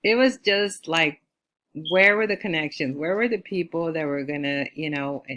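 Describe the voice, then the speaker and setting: Chatty woman with a low voice, from California. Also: moderate pace, a bit bright. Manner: chatty, with many fillers like "you know"; acts out quoted lines in a higher voice. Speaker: astrologer. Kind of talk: casual personal storytelling.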